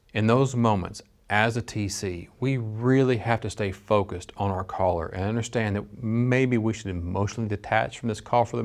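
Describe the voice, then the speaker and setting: A man's voice: on the low side, vocal fry. A middle-aged man giving a training lecture as a dispatch instructor, earnest and conversational with frequent restarts. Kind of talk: training lecture with personal story.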